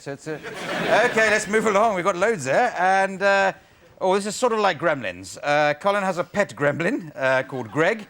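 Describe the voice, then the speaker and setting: A man's voice: high-pitched, a bit bright. A man hosting a comedy game show in a studio, with a dry, wry manner. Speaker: host. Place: TV studio with live audience. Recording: studio audience and noise behind.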